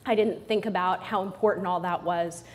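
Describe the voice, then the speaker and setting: A middle-aged woman with a fairly low, steady voice speaks at a moderate pace. She's a motivational speaker giving a funny talk to a live crowd, joking around playfully and often tossing "right?" asides to the audience.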